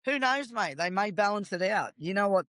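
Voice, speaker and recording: Australian man, middle-aged, podcast co-host, casual and jokey, slightly high voice, dry close sound. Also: expressive, normal speed, bright, forceful tone, no echo. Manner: laid-back, laughs often, says mate a lot. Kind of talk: casual chat.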